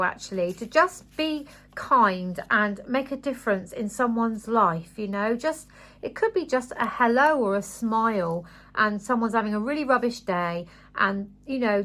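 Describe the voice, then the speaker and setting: A woman vlogging about craft supplies in a casual, excitable, gushing way. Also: on the high side. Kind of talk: casual unboxing chat.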